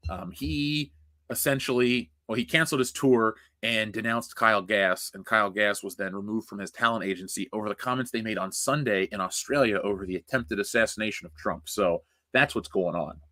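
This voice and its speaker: A man's voice: lowish voice, a little fast, pushed and bright, no echo, studio quality. A man hosting a casual livestream, reading chat and ranting bluntly with profanity. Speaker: livestream host.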